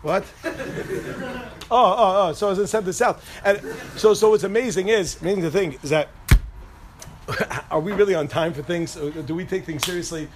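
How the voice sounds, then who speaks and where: Man teaching a live group, chatty and digressive, voice sits a little high, faint hiss behind. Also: normal speed, long pauses. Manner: rambling, self-interrupting, joking. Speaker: Torah teacher speaking to a group. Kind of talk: informal Torah talk with jokes.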